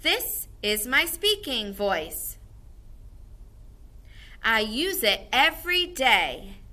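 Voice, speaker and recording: An encouraging woman music teacher records a lesson for young children. Her voice is bright and sits a bit high, swinging up and down with a lot of energy. She explains everything in simple, friendly terms. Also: big pitch swings, drawn-out words. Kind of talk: recorded video lesson for first graders.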